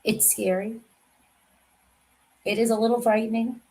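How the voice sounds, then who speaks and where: A woman's voice: a little high, level tone, measured pace, warm tone, rough recording. Rambling woman hosting a livestream. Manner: rambling, confiding, trails off mid-sentence. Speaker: true crime livestream host. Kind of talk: casual livestream chat.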